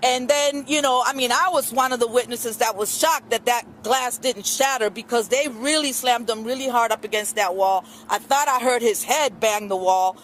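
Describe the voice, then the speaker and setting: A woman's voice: on the high side, moderate pace, hardly any pauses, fairly bright tone. A middle-aged woman gives an earnest, rambling witness statement at a press conference, with many fillers. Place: outdoor street press conference. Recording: news camera outdoors, faint street noise.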